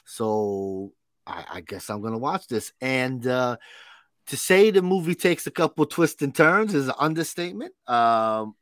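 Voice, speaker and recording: A man's voice: medium pitch, very animated, a little slow, no room sound, clean studio sound. A man co-hosting a casual pop culture podcast, laid-back, laughing often and calling his cohost bro. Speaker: podcast co-host.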